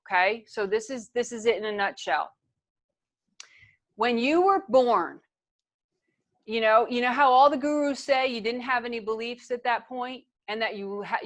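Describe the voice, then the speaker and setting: A woman's voice: on the high side, a bit bright. A woman leading a training on a video call, talking in an earnest, conversational way and often restarting her sentences. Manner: earnest, conversational, repeats herself. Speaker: guest speaker and trainer. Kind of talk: casual teaching on a video call.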